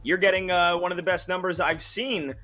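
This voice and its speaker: A man's voice: high voice, fairly even intonation, brisk, pushed and bright, faint music behind. A man hosting sports betting radio, explaining a pick in a rambling, filler-heavy way. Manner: rambling, with many fillers and restarts. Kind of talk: casual betting analysis.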